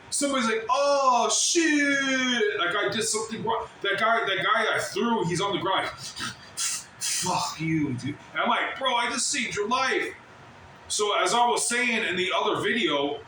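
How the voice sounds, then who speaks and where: A man ranting casually to the camera at work, rambling and swearing as he mimics other people's shouts. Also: high voice, distant mic, slight background noise. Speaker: vlogger. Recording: very echoey, from off the mic.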